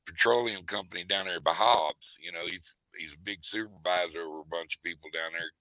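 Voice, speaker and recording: Bright-voiced rambling male storyteller. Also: low-pitched, fairly quick, dry recording, rough recording. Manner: rambling, animated storyteller with folksy asides. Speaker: host. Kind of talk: casual storytelling chat.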